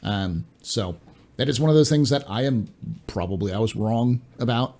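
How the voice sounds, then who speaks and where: A man hosting a live stream, chatting casually and often stumbling over and repeating his words. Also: mid-range voice.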